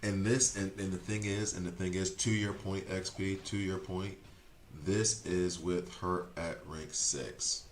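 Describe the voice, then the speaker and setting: A man streaming a video game, chatting casually and rambling as he second-guesses his choices out loud. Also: low voice, level tone, measured pace, roomy sound, slight background noise. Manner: chatty, rambling, self-correcting. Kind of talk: casual gameplay commentary.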